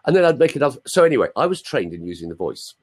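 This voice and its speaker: Speaking at medium pitch, he sounds husky and very animated, rattling along at a rapid-fire pace. He's a Londoner in his sixties with a London accent, a guest on a live video chat who tells stories chattily and playfully, asking listeners for confirmation.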